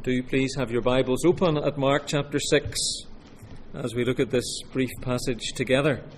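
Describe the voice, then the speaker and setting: A man from Scotland preaching a sermon, reading scripture in an earnest, measured way. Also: medium pitch, fairly even intonation, a little hiss or hum. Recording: long hall reverb, faint room ambience.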